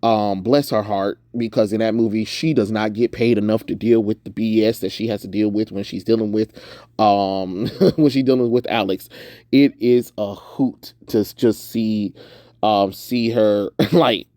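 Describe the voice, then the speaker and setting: A man's voice: on the low side, fairly even intonation, measured pace, mellow, no room sound, studio quality. A young man from the suburban American South chatting casually through a movie review, rambling with lots of "um"s and frequent laughs. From Southern United States, suburban.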